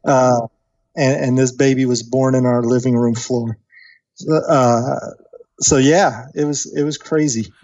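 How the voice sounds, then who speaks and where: A man in his thirties casually telling a long story on a podcast, animated and acting out the voices of the people in it. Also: medium pitch, a little slow, dry recording, dull audio. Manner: animated storyteller, acts out quoted voices, many fillers. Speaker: podcast guest.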